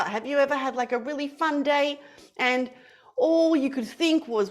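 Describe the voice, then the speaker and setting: Over a webcam, a young woman teaching kids online narrates a story in a lively, sing-song way at a moderate pace. She sounds playful, with a bright, high voice.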